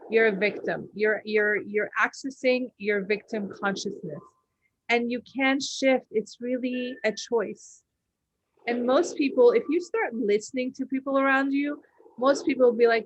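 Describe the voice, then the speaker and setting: A woman's voice: a little high, moderate pace, dull audio, a little hiss or hum. A woman podcast host and coach giving an earnest motivational talk, acting out little quoted voices and laughing now and then.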